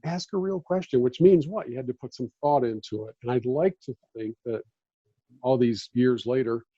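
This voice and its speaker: Fifties ex-reporter guest, warm voice on dull, dry lo-fi audio, tells stories and acts out quotes. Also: male voice, medium pitch, normal speed, husky, no room sound. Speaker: podcast guest, former sports beat reporter. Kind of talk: casual storytelling chat.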